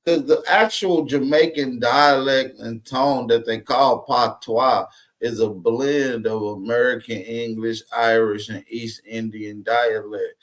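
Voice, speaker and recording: A man's voice: medium pitch, fairly even intonation, takes it slowly. A man mocking clips in casual, profane reaction commentary.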